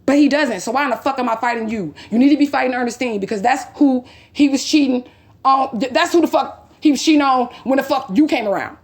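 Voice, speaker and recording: High-pitched woman vlogger, heated and profane, retells a quarrel line by line. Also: fast talker. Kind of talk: angry personal storytelling.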